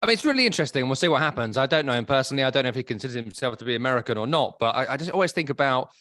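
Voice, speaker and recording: A man's voice: mid-range voice, expressive, racing, sharp tone, no echo. A man with an English accent co-hosting a casual football podcast, wry and opinionated. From England. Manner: opinionated, wry, hesitant restarts. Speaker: podcast co-host.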